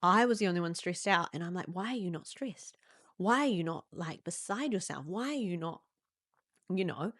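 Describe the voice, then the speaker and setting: A young New Zealand woman hosting a podcast, telling a personal story candidly and acting out quoted lines in sudden high voices. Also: expressive, normal speed, no echo, clean studio sound. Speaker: podcast host.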